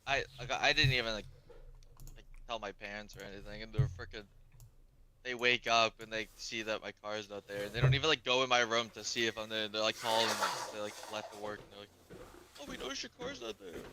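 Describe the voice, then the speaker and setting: A man's voice: fairly low pitch, fairly even intonation, fairly quick, background noise. A young man telling a story in casual chat, rambling and swearing a lot with "like" everywhere. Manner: rambling, profane storytelling full of "like".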